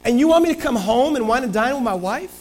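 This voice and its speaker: A man's voice: sits high, expressive, measured pace, creaky, a little mellow, faint music behind, exaggerated voice, poor audio. A man voicing a principled soldier who speaks in earnest, indignant modern paraphrase.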